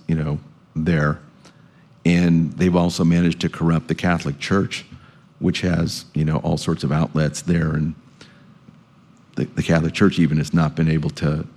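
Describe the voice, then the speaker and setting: A man speaking as a guest lecturer, answering audience questions in a measured way and often repeating words while he thinks. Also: sits low, darkish tone. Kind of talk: public lecture Q&A.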